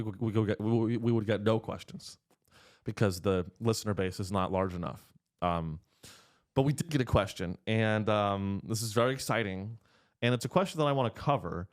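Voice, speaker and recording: Here a thirty-something man hosts a casual, comedic studio podcast. He's rambling and crude, jokes constantly, and lets his pitch jump around a lot.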